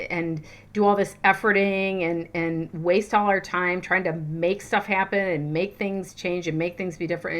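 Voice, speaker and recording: Woman, middle-aged, spiritual coach, casual teaching talk, chatty, animated, lots of fillers. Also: fairly low pitch.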